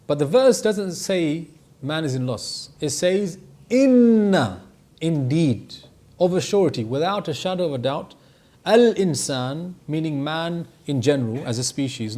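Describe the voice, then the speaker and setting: A man teaching a class, stressing key words and slowing down to drive points home. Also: a little high, a little mellow. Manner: emphatic, stretches key words to stress them. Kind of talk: classroom lesson.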